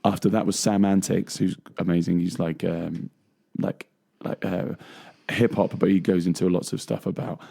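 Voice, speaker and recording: A young Englishman co-hosting a casual chat, telling stories in a rambling way with plenty of fillers and laughter. His low voice is gravelly and husky, with a dark, mellow tone. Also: fairly even intonation, normal speed. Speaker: co-host.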